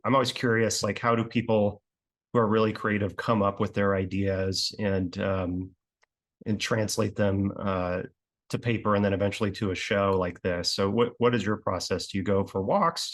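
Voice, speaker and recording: A man hosting a podcast, asking curious, rambling questions full of fillers. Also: on the low side. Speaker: podcast host. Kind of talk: casual interview questions.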